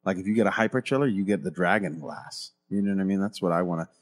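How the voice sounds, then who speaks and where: A man hosting a casual coffee review show, chatting and teasing his co-host in a relaxed way. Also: sits low, fast. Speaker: podcast host. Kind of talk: casual chat.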